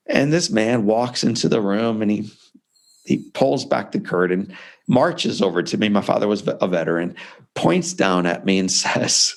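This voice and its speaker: Gravelly low-voiced man telling his story. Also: expressive, normal speed. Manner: earnest, heartfelt storyteller. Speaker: author and speaker, interview guest. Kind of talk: personal storytelling in an interview.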